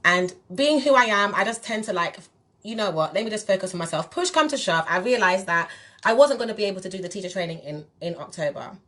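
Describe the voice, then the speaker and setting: A woman's voice: medium pitch, expressive, quick pace, a bit bright. Woman, spiritual teacher, candid vlog monologue, direct and emphatic. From England. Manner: direct, emphatic, addresses viewers as "you lot".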